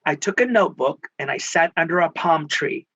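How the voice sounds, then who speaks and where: A man's voice: a little high, lively intonation, brisk, pushed and bright, breathy edge, no echo, lo-fi sound. A middle-aged man from Texas, a spiritual healer and life coach, telling personal stories expressively and slipping into Spanish endearments. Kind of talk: emotional storytelling in conversation.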